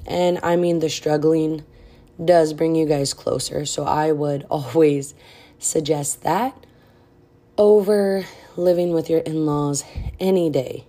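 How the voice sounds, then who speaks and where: Low mellow-voiced woman doing a chatty podcast, blunt and direct, kinda breathless. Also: slow. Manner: frank and direct, many fillers. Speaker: podcast host. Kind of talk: casual advice talk.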